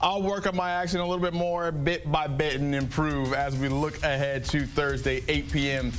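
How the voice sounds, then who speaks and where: A man's voice: on the high side, steady tone, moderate pace. Chatty male sports show host over music. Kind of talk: sports talk show hosting.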